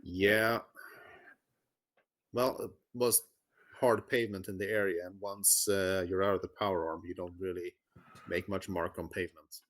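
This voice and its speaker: A man's voice: deep voice, fairly even intonation, moderate pace, pauses often, a bit bright. A man playing a tabletop game, reasoning aloud in a matter-of-fact way. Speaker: player. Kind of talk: casual tabletop play.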